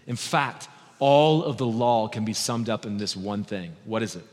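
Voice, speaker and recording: Male pastor, 30s, fervent sermon delivery, dips quiet then climbs loud, long church reverb. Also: lively intonation. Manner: impassioned, swings from soft and slow to loud and high.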